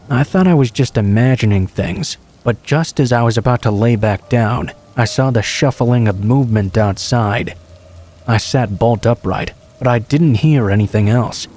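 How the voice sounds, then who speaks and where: Man, mellow dark tone, calm even delivery, horror story narration. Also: mid-range voice. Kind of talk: scripted narration of true horror stories.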